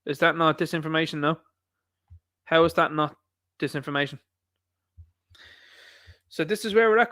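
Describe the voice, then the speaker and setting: A man's voice: a little high, normal speed, pauses often, bright, forceful tone, no room sound. An Irish man hosting an online commentary show, rambling and opinionated as he reacts to posts and talks straight to his viewers.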